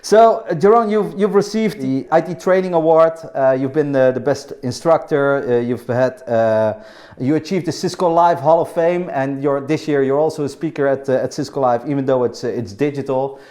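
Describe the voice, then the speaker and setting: A man's voice: medium pitch, moderate pace, darkish tone. A man co-hosting a podcast, talking with enthusiasm and plenty of restarts. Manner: enthusiastic, with many fillers and restarts. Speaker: co-host.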